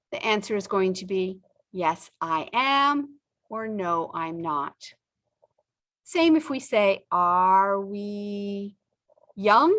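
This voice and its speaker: Very slow, careful woman teacher. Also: medium pitch. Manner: stretches out example sentences, pausing often. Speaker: English teacher. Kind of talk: slow, deliberate ESL lesson.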